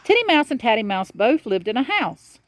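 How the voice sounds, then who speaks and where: Mom reading a kids' story out loud, voice going up and down a lot. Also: female voice, fairly high pitch, big pitch swings, a little fast. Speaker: parent reading aloud to a child.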